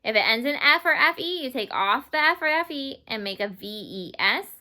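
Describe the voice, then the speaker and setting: A woman's voice: sits high, animated, sharp tone. A woman teaching English grammar to Spanish-speaking children, repeating each word patiently and slipping in Spanish glosses. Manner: slow, patient, repeats words for students.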